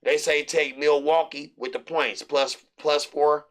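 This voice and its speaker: A man's voice: a little high, fairly even intonation, a little slow, fairly bright tone, slight background noise. A man hosting a sports betting show, running through picks in a loose, repetitive, hyped-up way with lots of slang.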